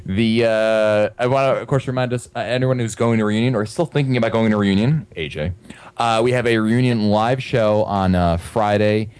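A man hosting a call-in show, relaxed, reading out the phone number slowly. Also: fairly low pitch, clean tone. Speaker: host.

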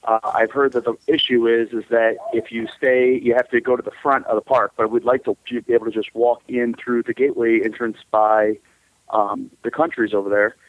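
A man's voice: mid-range voice, flat delivery, moderate pace, no echo. A man calling into a live show, hesitant and polite as he asks about his trip. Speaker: caller. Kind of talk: phone call into a show. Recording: tinny phone line.

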